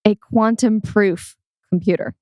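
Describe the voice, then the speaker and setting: A woman's voice: medium pitch, fairly even intonation, unhurried, a little mellow, dry recording, lightly acted. A sly young programmer, voiced by a woman in an audio drama, cool and dryly teasing. Her delivery stays level and unbothered. The sound is close and dry. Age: young adult.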